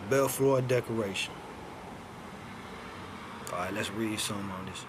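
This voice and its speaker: A man's voice: lowish voice, unhurried, background noise. A man teaching informally, reading documents aloud and stopping to ask rhetorical questions. He keeps checking in with "all right?", "man" and "see that?" in street-casual grammar. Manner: rhetorical questions answered himself. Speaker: self-styled teacher.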